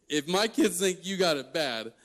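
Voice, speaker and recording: A man's voice: high voice, slow pace. Joking young man preaching to youth. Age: 20s. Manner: animated and joking, laughs mid-story. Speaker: guest youth speaker. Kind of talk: storytelling youth sermon.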